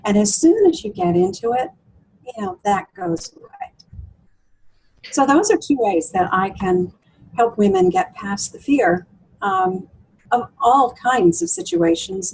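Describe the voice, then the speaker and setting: A woman's voice: very high voice, gravelly, a little mellow, rough recording. A woman coach for women, talking through client stories in an interview with many fillers and restarts. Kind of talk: interview conversation.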